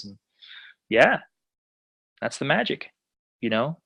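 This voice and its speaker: Guy teaching a self-help class, super upbeat and encouraging, average pitch. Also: normal speed, vocal fry, long pauses, fairly bright tone, no room sound, poor audio. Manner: enthusiastic, encouraging, affirming. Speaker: class leader. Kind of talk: guided personal growth class.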